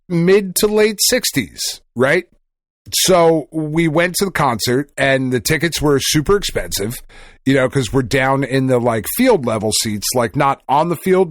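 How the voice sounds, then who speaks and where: A man's voice: mid-range voice, a bit bright, dry recording, studio quality. A male podcast co-host in casual chat, swearing freely and rambling through stories with restarts. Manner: profane, rambling storytelling.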